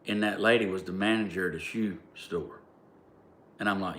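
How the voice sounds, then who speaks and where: A man's voice: sits low, fairly even intonation, moderate pace, fairly bright tone. A man with a Southern American accent telling a story in a rambling, casual way, leaning on "like" and breaking into emphatic bursts. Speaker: vlogger. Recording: roomy echo, faint ambience.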